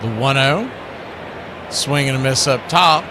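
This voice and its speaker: A man hosting radio baseball play-by-play, mixing chatty opinions between pitch calls and lifting his voice for big plays. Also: a little slow. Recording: noisy background.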